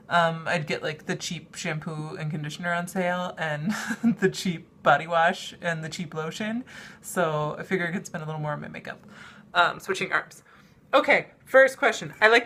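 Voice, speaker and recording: Bright-voiced young woman chatting about makeup. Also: fairly low pitch. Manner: chatty and rambling, lots of "um" and "like", laughs often; demonstrates products while talking. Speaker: vlogger. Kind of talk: casual makeup chat to camera.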